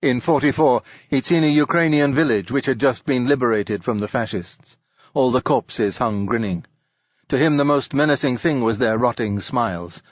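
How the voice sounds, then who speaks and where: A man's voice: normal speed, no room sound, highs cut off. Man reading literary fiction aloud. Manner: raises his pitch for quoted characters. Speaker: audiobook narrator. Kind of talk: scripted narration.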